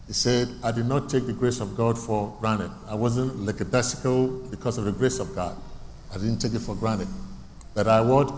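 A man's voice: medium pitch, fairly even intonation, moderate pace, darkish tone, a little hiss or hum. Man preaching with a hall echo. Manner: call-and-response questions, repeating key phrases. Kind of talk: sermon. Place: church hall. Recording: long reverb from a hall, faint ambience.

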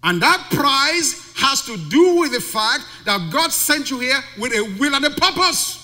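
A male pastor preaches in a church, his voice piercingly bright and pitched high. He swings widely up and down as he fires off rhetorical questions. A long reverb from the hall trails behind each phrase. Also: animated, unhurried. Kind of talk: sermon.

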